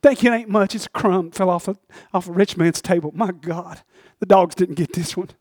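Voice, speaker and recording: A male preacher voicing a poor, sick beggar man who is humble and grateful and speaks softly and pleadingly. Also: high voice, brisk, no room sound, studio quality. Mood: quiet gratitude. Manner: soft, pleading, hushed.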